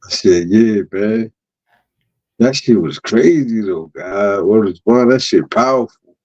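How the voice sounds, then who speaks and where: A man casually telling a wild story as co-host of a chat show, acting out the people in it with sudden jumps in his voice. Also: slow. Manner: animated, acts out quoted voices with sudden pitch jumps. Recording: dull lo-fi audio.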